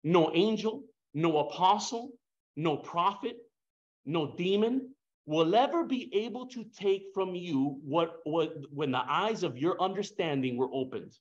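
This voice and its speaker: A man with a high voice preaches a fervent sermon. He swings from hushed lines to loud bursts, peppers the congregation with rhetorical questions and slips into casual slang. The recording sounds dull and lo-fi. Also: expressive, measured pace.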